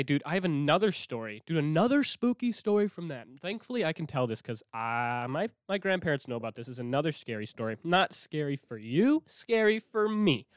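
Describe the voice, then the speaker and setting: Animated young man telling stories, dry sound. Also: on the high side, clear, resonant tone, no room sound. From Minnesota. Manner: animated, swearing, acts out whispered quotes. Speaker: host. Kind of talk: casual storytelling.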